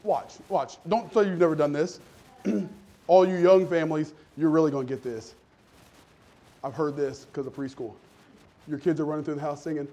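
Male pastor, casual storytelling sermon, voices the people in his stories, a touch high-pitched. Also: mellow. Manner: conversational, humorous, mimics people in quick voices.

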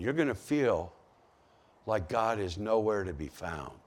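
A man preaching a sermon, swinging from hushed asides to shouted cries as he acts out the psalmist. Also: on the low side, expressive, a little slow.

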